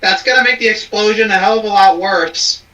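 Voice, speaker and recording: A man's voice: sits high, a little fast, bright, forceful tone, recorded from a distance, slight background noise. A man hosting a casual reaction chat, crude and profane, often restarting his sentences. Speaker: host. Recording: roomy, from off the mic.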